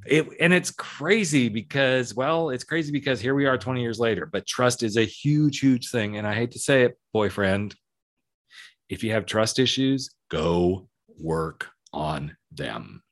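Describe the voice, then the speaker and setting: A man over forty from the American South talks through his podcast alone. His delivery is chatty and cheeky, leaning hard on key words. His voice sits at a middle pitch and jumps up and down in pitch and pace. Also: moderate pace. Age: 40s or older. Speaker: podcast host. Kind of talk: solo podcast advice talk.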